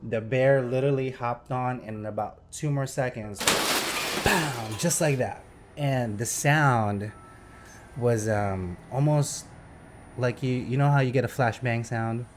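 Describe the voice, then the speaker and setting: Excitable man telling a story. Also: mid-range voice, a little slow, background noise. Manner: animated, excitable storytelling with vivid sound effects. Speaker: podcast host. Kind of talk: casual storytelling chat.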